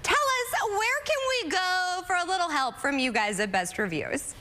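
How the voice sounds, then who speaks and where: A woman's voice: high-pitched, big pitch swings, moderate pace, bright, forceful tone. A woman hosting a TV talk show, chatting with a guest in an upbeat, enthusiastic way. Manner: bubbly and enthusiastic. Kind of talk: upbeat morning show interview.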